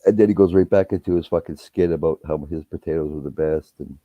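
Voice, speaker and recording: Talking fast in an extremely low voice, a man shares profane, rambling stories about his family during a casual live stream chat, becoming animated as he relives the quarrels. The sound is dry, dull, and muffled.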